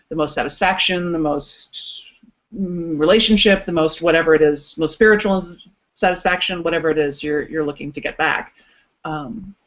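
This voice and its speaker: Chatty woman coach on dull lo-fi audio. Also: medium pitch. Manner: chatty, playful, says "um" and "like" often. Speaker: creativity coach hosting a live online workshop. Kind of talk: live webinar Q&A, casual and encouraging.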